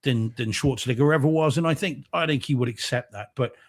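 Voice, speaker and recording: Husky man chatting about films. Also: mid-range voice, fast talker. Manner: chatty, stammers on restarts, teasing. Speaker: podcast co-host. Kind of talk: casual chat.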